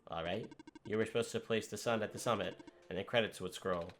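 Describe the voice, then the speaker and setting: A man's voice: fairly low pitch, a bit bright, natural voice. A man voicing a remorseful game-world machine. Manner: earnest, halting confession. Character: gentle computer program that runs a game world, apologetic.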